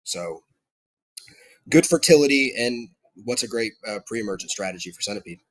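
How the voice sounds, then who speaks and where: A man's voice: on the low side, lively intonation, normal speed, a bit bright, no echo, rough recording. A man with a South Georgia accent, a guest on a casual podcast, speaking in a friendly, chatty way with lots of fillers. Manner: friendly, chatty, laughs between phrases, many fillers. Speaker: guest, lawn care consultant.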